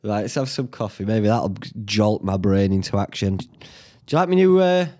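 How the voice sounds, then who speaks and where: Chatty, swearing podcast host. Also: male voice, lowish voice, lively intonation, normal speed, dark tone. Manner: chatty, swears casually, laughs at himself. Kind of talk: casual solo podcast chat. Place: small home studio.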